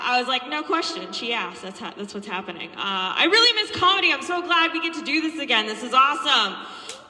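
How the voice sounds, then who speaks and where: Young female stand-up, raw and animated, higher voice, recorded in a reverberant hall. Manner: animated, profane storytelling with frequent laughs. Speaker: stand-up comedian. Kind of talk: stand-up comedy set. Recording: echoey hall with long reverb.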